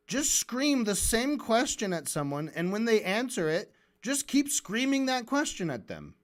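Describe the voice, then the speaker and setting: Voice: medium pitch, very animated, a little slow, few pauses. A streamer giving heated, sarcastic livestream commentary on a debate. The speech is full of swearing and frequent stumbles and restarts. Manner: stumbling restarts while building arguments.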